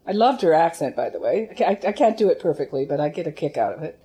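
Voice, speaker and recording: An older woman, a former opera singer, telling animated stories about her teacher in an interview. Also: lowish voice, fast talker, hardly any pauses. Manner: animated storyteller with vivid quoted impressions. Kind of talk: reminiscing interview.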